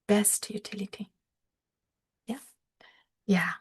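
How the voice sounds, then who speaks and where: A middle-aged woman giving a devotional storytelling lecture, speaking slowly and emphatically, repeating key words and chanting scripture verses. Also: medium pitch, slightly rough. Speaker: spiritual speaker.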